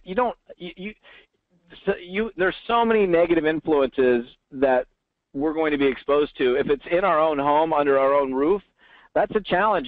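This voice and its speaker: A man telling stories in an animated way during an interview, acting out the voices of people he quotes. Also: fairly high pitch, no room sound. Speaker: network marketing trainer, guest. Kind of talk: storytelling interview answer. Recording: tinny phone line.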